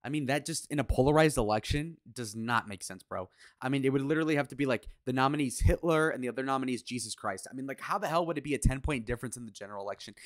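A man's voice: mid-range voice, dry recording. Male reaction host: heated rants, sarcastic, crude, dry close mic. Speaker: reaction commentator. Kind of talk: reacting to podcast clips.

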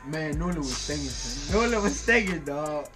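Young man, slow lively delivery, teasing sidekick, music under. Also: on the high side. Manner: slow, laughing interjections and teasing. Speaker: co-host. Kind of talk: casual chat.

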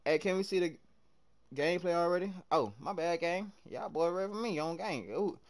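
A young Southern American guy streams a game live, talking to his viewers in excited, slang-heavy bursts that go from loud to quiet. His voice is high and his pace is moderate.

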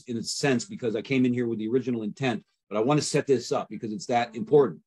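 A man with a husky voice and a middle pitch coaching listeners on sales calls. He talks casually and often plays out both sides of a phone conversation. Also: darkish tone. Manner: conversational, acts out sales calls with repeated fillers. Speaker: real estate sales coach. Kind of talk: instructional talk.

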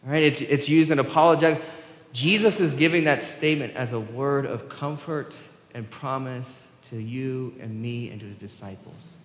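A pastor with a Southern US accent giving a sermon, joking about himself and asking the congregation rhetorical questions. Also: male voice, medium pitch, normal speed. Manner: self-deprecating, joking with the congregation; asks the crowd rhetorical questions. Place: church sanctuary. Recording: echoey church hall with long reverb.

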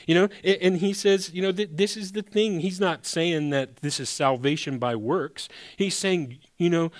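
A man's voice: high voice, moderate pace, hardly any pauses. A man preaching a sermon as pastor. He speaks in a conversational, emphatic way and often restarts his sentences.

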